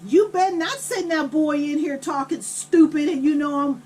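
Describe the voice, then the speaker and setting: Scolding annoyed mother, loud and sharp, a woman voicing her in a story. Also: high voice, normal speed, slight background noise, close to an everyday voice. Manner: scolding, exasperated. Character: stern mother, annoyed at being bothered.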